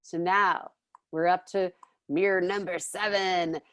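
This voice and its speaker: A woman's voice: lowish voice, steady tone, takes it slowly, fairly bright tone, no room sound. Chatty woman teaching a class, dry sound. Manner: chatty, often checks in with "okay?" and "all right?".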